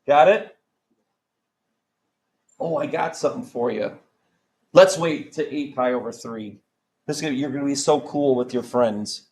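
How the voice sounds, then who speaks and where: A man's voice: medium pitch, measured pace, long pauses, a little mellow, low-quality recording. A man teaching a math class, joking around and quizzing students with countdowns. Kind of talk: classroom lesson.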